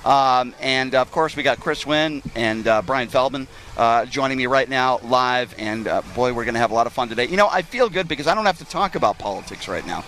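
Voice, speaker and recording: A man's voice: medium pitch, a little fast, few pauses, a bit bright, slight background noise. A man hosting a live talk show from an outdoor pool, chatty and joking as he rambles on. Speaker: radio show host. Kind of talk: casual live broadcast chat. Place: outdoor pool at a Las Vegas club.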